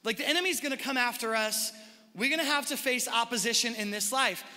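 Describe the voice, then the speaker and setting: A man with a high, very bright voice preaching to his congregation. He talks in a loose, conversational way, full of quick asides. His voice rings through a large church hall with a long reverb. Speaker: pastor. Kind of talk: sermon. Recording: live sermon in a reverberant hall.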